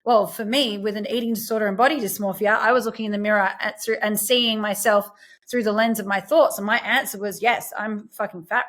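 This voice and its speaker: A woman's voice: mid-range voice, fairly even intonation, brisk. A young adult woman, a self-empowerment coach, talking earnestly and reflectively in a podcast interview and quoting her own inner voice.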